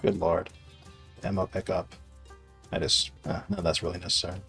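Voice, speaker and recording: A young man casually rambling and swearing as he plays a video game, sarcastic and quick to laugh at himself. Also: sits low, level tone, gravelly, bright, forceful tone, breathy edge, faint music behind. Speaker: gaming video creator. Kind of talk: casual rambling commentary while playing.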